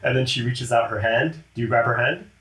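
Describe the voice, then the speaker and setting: A man's voice: mid-range voice, brisk, a bit bright. A man narrating a tabletop game as game master in a chatty way, laughing often and slipping into character voices. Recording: roomy echo.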